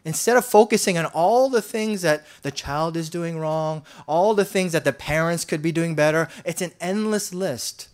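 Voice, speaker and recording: A man preaching a sermon as pastor, in an earnest voice that rises loud for scripture and drops to near-whispers, often repeating and restarting his words. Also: a little high, normal speed, few pauses.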